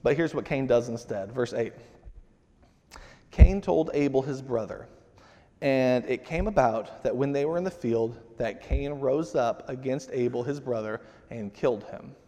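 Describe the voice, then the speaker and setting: A man's voice: mid-range voice, measured pace, dark tone. Man preaching in an echoing hall. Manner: conversational, with many fillers and restarts. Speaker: pastor. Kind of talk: sermon. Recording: long hall reverb.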